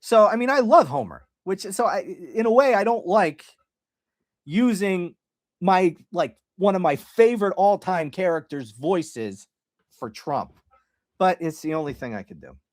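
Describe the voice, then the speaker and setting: Animated, swearing podcast host man. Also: high voice, a little slow, no room sound, studio quality. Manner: casual, swears freely, mixes jokes with serious points. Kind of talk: casual livestream talk.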